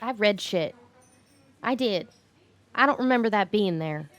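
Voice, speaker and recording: A woman's voice: mid-range voice, lively intonation, a little slow, lo-fi sound. A woman playing a tabletop roleplaying game, switching between her character and narration in a drawling, dramatic way. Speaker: player.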